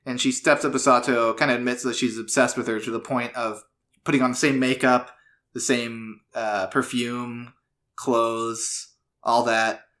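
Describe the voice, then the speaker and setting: Bright-voiced man recapping anime episodes. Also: mid-range voice, level tone. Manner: loose retelling with quick put-on quotes and fillers. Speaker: podcast co-host. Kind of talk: casual podcast recap.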